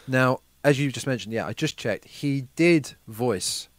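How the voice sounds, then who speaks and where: Lively young man, dry sound. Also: medium pitch, a little slow, no room sound. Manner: lively, stumbling over names. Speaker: podcast co-host. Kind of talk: casual film review chat.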